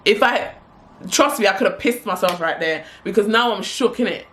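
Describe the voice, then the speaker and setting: A woman, telling a story for her vlog in a lively, slangy way. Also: medium pitch, moderate pace, slight background noise. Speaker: vlogger.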